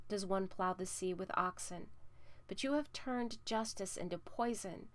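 A woman reading scripture aloud at a steady, measured pace. She drops softer on the speaker tags and rises louder for the rebukes. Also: medium pitch. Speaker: scripture reader.

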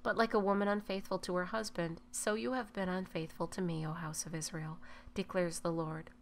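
A woman reads scripture aloud in a measured, even way. Her voice sits a little low for a woman. A faint hiss of noise runs underneath. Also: creaky. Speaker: scripture reader.

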